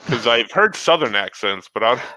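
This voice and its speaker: A man talking casually with a bright, forceful voice that sounds dry and close. His delivery is eager and animated. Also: medium pitch, normal speed, dry recording, low-quality recording. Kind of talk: casual chat.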